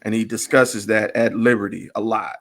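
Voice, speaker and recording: A man's voice: fairly low pitch, steady tone, normal speed. A man hosting a casual chat show, explaining his views at length in a thoughtful way. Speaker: podcast host.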